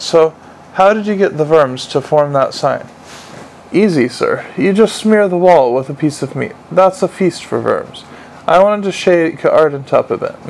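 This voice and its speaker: A man's voice: on the high side, creaky, darkish tone, a little hiss or hum, rough recording. A man voicing an earnest, dutiful young watch captain who speaks politely.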